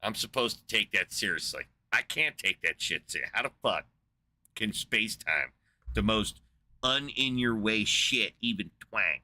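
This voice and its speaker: Deep, sharp-voiced man ranting profanely. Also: lively intonation, normal speed. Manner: rambling, profane, filler-heavy, incredulous. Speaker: podcast host. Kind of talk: casual profane rant.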